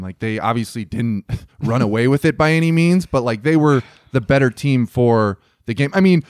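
A man's voice: medium pitch, expressive, moderate pace, a little mellow, dry recording, studio quality. A young man co-hosting a casual sports podcast, rambling with lots of fillers and laughing as he tells stories. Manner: rambling with many filler likes, laughs while telling. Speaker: podcast co-host.

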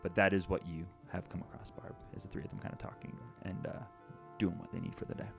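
A man narrating as game master of a tabletop game, relaxed and laughing easily with his players. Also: low voice, quick pace, gravelly, over music.

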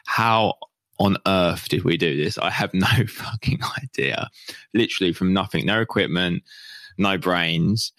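A young British man rambles on his own podcast, hyped and swearing freely, with a slight lisp and a touch of whine. His voice sits low but sounds bright and forward. The recording is dry and close, with no room sound. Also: unhurried, no echo. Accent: British English. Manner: excited and sweary, calls his own voice a bit whiny. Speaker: podcast host. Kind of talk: rambling solo podcast chat.

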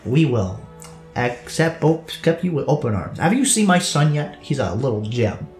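A game master voicing an earnest, rambling husband and father, speaking quietly in a lively voice. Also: mid-range voice, moderate pace, close to an everyday voice. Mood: effusive. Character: pleading, overly friendly husband and father. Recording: echoey room with faint music.

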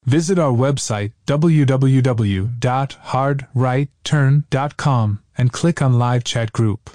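A man's voice: mid-range voice, takes it slowly, a little mellow, pitched above the performer's own voice, natural voice. A man reading an upbeat promo announcement in a raised voice, set apart from his usual talk. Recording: promo spot over music.

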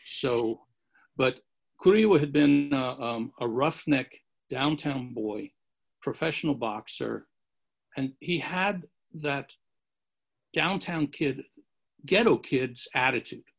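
Husky older-sounding guy rambling through stories, raspy voice. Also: medium pitch, lively intonation, takes it slowly. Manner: rambling anecdotes with acted quotes. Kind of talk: casual storytelling.

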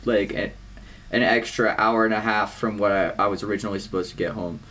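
A teenage boy co-hosting a podcast, rambling through his week in casual chat, swearing often and filling pauses with "um" and "like.". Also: fairly low pitch, fairly even intonation, a bit bright, a little hiss or hum. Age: teens. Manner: rambling, swears a lot, many fillers. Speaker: podcast co-host.

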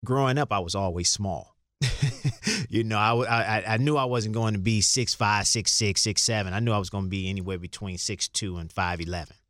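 Middle-aged man, low voice, dry close mic, relaxed rambling guest storyteller. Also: a little fast, dry recording. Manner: loose, rambling, repeats words, laughs while telling stories. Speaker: interview guest, former basketball player. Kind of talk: casual storytelling interview.

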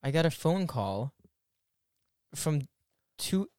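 A man co-hosting a movie podcast, wry and quick to laugh in casual chat. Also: a little high, sing-song, darkish tone, dry recording, clean studio sound. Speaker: podcast co-host.

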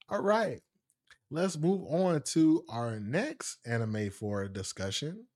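A podcast host tells a personal story on his own show, speaking directly to listeners in a casual, animated way full of laughs and asides. His voice sits on the high side and he talks very slowly.

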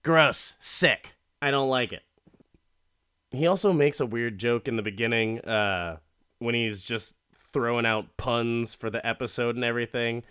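A young man casually recapping a TV episode, rambling and profane, jumping into quick character impressions. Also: medium pitch, fairly bright tone, clean tone.

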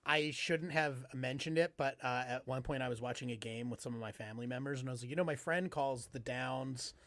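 A man's voice: mid-range voice, a little fast, no echo. Teasing podcast host man, dry close sound. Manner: laughing, teasing, animated retellings. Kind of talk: casual podcast banter.

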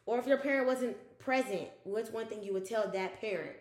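A woman's voice: fairly high pitch, fairly quick, darkish tone. A young woman hosting a casual chat, blunt and profane, teasing her friends and filling her talk with "like". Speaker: podcast host. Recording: echoey room.

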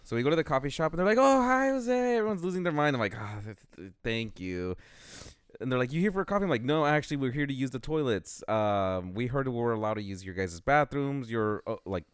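A man's voice: medium pitch, lively intonation, a little fast, clean tone, no echo, studio quality. A young man co-hosting a casual podcast, rambling through a work story and acting out what others said. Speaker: podcast co-host. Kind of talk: casual chat.

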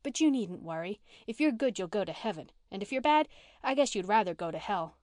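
A woman's voice: medium pitch, animated, a little fast, darkish tone, dry recording, studio quality, lightly acted. A woman reading an audiobook and voicing a cheerful, dramatic minister's daughter who speaks eagerly.

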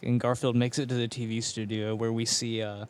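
A man co-hosting a casual podcast chat, relaxed and agreeable, recapping a film plot and laughing along. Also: mid-range voice, a little fast. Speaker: podcast co-host.

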